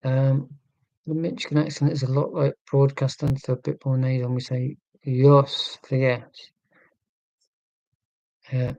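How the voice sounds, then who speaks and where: A man's voice: mid-range voice, level tone, moderate pace, pauses often, mellow, no room sound, rough recording. A man with an English Midlands accent chatting casually and wryly, rambling a little as he talks. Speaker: channel host. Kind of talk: casual chat.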